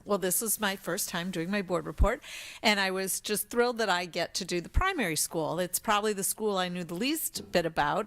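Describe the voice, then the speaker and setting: Older lady trustee doing her board report, chatty and excited, lowish voice. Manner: enthusiastic, chatty. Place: board meeting room.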